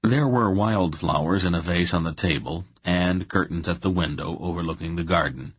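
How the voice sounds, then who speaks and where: A man reading a fantasy audiobook aloud in slow, even storytelling. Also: sits low, breathy edge, no echo. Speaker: audiobook narrator. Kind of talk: scripted fantasy narration.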